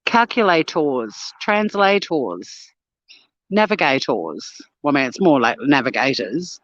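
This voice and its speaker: A woman's voice: low voice, measured pace, dry recording. Australian woman, casual walk-and-talk vlogger, blunt and sweary, dry, slightly muffled recording. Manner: blunt and sweary, animated storytelling. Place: outdoors on a walk.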